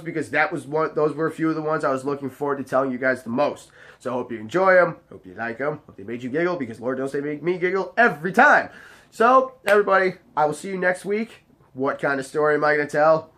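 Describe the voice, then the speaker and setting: A man hosting a storytelling vlog, animated and full of swearing. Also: a little high. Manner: profane, animated, mock-weary. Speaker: host.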